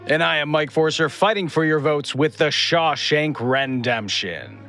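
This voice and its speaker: A man's voice: expressive, unhurried, pushed and bright, soft background music. A man, a podcast co-host, reading out team introductions in a mock announcer voice. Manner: booming theatrical announcer delivery.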